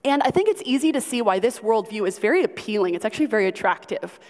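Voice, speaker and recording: A woman giving a conversational Bible teaching to a group, often asking her listeners questions and filling pauses with ums. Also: on the high side, lively intonation, darkish tone. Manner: chatty, asks the audience questions, frequent ums. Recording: long reverb of a large hall.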